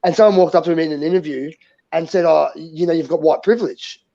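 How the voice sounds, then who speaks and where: An Australian man talks in quick, rough, gravelly bursts, blunt and full of swearing as he spins stories with quoted back-and-forth. His voice sits a bit high for a man. The audio is dull and lo-fi. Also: mellow. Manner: blunt and profane, tells stories with quoted dialogue. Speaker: co-host. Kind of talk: casual podcast banter.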